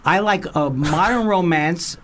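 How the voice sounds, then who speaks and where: An older man from the United States, a guest in a casual chat, talking quickly and with enthusiasm. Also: sits high, noisy background.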